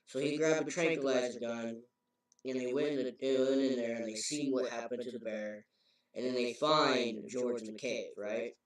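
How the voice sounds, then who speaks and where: Heard from far away in a very echoey room, this man is a game reviewer loosely retelling a story's plot. He rambles and fixes his own mistakes, speaking at normal speed with a medium pitch and fairly even intonation.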